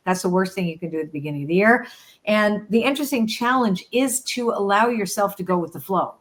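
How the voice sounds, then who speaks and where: A woman's voice: mid-range voice, fast talker. Woman oracle reader, reflective and chatty. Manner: reflective, often checks in with "right?". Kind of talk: conversational card reading.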